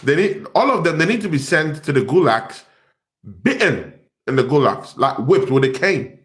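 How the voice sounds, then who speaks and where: A man's voice: on the high side, animated, normal speed, fairly bright tone. Ranting young man. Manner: exasperated ranting, repeats himself. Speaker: football fan channel host. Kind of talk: ranting fan reaction. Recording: echoey room.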